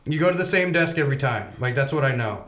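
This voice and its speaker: A man's voice: medium pitch, quick pace. Man telling a rowdy story in an echoey room. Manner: swears a lot, animated anecdotes, laughs while telling. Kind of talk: casual storytelling chat.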